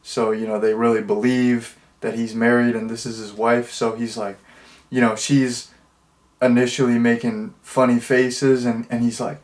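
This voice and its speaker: A young man talks through a film review in a loose, rambling way, clearly amused by what he describes. His voice sits at an ordinary middle pitch for a man, and his delivery is chatty and unhurried. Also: little pitch movement. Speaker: movie reviewer. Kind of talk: casual movie review.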